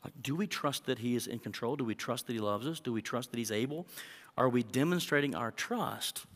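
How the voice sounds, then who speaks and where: A man preaching a sermon as a pastor, acting out prayers and dialogue in an animated way. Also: a little fast, in a large hall. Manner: animated, acts out prayers and dialogue with rising pitch.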